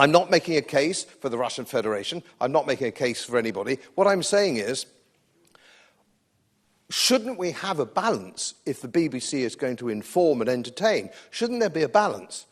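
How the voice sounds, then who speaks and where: A man with an English accent delivers a combative political speech to a live crowd. He is sardonic and repeats key phrases for emphasis. His pitch sits a little high and moves widely. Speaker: speaker at a public event.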